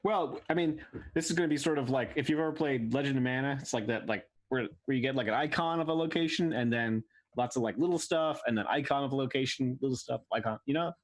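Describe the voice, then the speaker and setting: A man chatting as a player in a tabletop game, his voice mid-pitched and ordinary. He talks in a hesitant, rambling way, often restarting and apologizing. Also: fast. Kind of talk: casual chat during a tabletop game.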